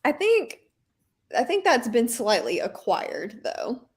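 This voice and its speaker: A woman's voice: on the high side, slow. Chatty woman w a light southern accent, voice bouncing up and down a lot. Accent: mild Southern US. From American South. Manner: chatty, animated storyteller. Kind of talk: casual chat.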